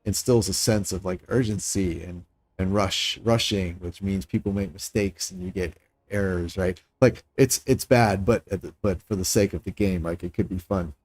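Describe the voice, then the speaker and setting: A man with a low, steady, slightly mellow voice speaks at a moderate pace while streaming a building game. He muses aloud and critiques his own designs as he builds, tossing the odd remark to chat in a casual live-stream style.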